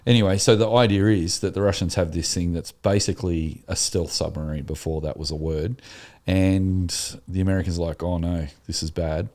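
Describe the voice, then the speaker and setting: Deep-voiced, enthusiastic man. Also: steady tone, brisk, few pauses, a little mellow. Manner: enthusiastic, rambling storyteller. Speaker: podcast co-host. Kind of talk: casual chat.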